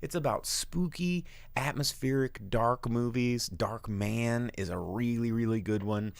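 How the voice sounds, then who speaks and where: A man co-hosting a casual live show, telling rambling, animated stories about his bar. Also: measured pace, creaky, no echo. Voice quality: big booming voice when yelling. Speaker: podcast co-host and bar owner.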